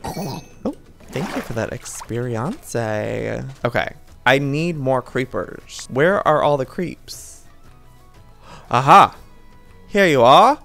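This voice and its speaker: A man giving lively, theatrical gameplay commentary as a channel host, talking to the game's creatures with mock outrage. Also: mid-range voice, slow pace, vocal fry, faint music behind. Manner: animated, theatrical, talks to game mobs with mock outrage.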